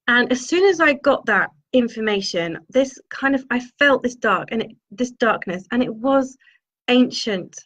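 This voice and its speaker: A woman's voice: on the high side, animated, moderate pace, fairly bright tone. Woman telling a spiritual story, lo-fi. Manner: meandering, searching for words. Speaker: spiritual healer and channeller. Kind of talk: personal storytelling monologue. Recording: dull lo-fi sound.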